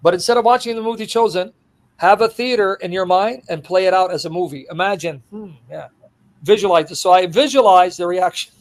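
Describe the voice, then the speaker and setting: A man preaching an expository sermon, animated and laughing as he acts out the scenes. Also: high voice, fairly quick.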